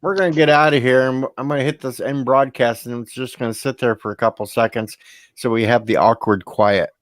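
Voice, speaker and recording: A man's voice: medium pitch, steady tone, brisk, no echo. A man hosting a live stream, joking and teasing as he hands the mic around to his guests. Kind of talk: casual live stream chat.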